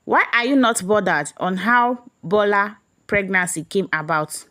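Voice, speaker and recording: A woman's voice: mid-range voice, expressive, measured pace. A woman voicing a furious middle-aged mother who roars her accusations. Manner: shouting, accusing.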